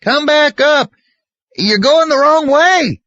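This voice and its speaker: A man's voice: extremely high pitch, animated, takes it slowly, sharp tone, no room sound, dull audio, voice pushed up, exaggerated voice. Man doing a hollering jovial young pastor. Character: cheerful young male pastor, joking handyman.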